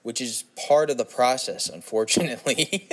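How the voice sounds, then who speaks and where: A man's voice: medium pitch, normal speed, slightly rough. A young man hosting a solo podcast, rambling and swearing as he questions himself in frustration while sitting on a toilet. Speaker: podcast host.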